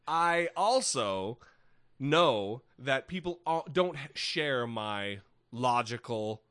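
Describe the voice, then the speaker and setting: Guy cohosting a podcast, rambly and wry, swears a lot, mid pitch, dry close mic. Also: lively intonation, slow pace, fairly bright tone, no room sound. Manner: rambling, wry, swears freely, many restarts. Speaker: podcast co-host. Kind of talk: casual chat.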